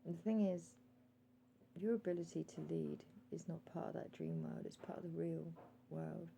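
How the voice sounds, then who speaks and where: Earnest, gravelly woman vlogger. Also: lowish voice, moderate pace, dark tone, a little hiss or hum, rough recording. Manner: earnest, addresses listener as "sir", hesitant with frequent ums; calls out timer readings while talking. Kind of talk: direct-to-camera monologue.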